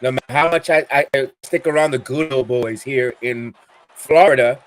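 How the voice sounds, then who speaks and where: A middle-aged man with a Bronx New York accent, hosting a live football watch-along stream as an excitable, chatty fan. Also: mid-range voice, moderate pace. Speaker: podcast host.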